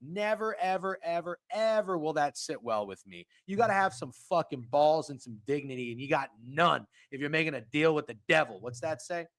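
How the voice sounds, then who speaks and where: A man co-hosting a casual sports stream, swinging between loud outbursts and muttered asides. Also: on the high side, moderate pace, hardly any pauses. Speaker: co-host of a sports betting stream. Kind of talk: casual profane sports chat.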